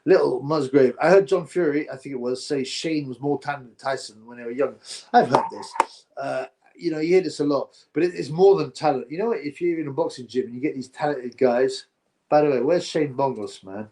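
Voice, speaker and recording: A man hosting a live stream, chatting to viewers and reacting excitably to a fight. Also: medium pitch, fairly quick. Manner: chatty, excitable, slangy, talks to chat viewers.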